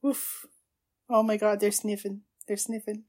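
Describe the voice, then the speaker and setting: A woman podcast host reacting live to an anime episode, gushing and excitable, with frequent gasps and quiet hushed asides. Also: mid-range voice, a little slow. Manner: drops to hushed asides at tense moments.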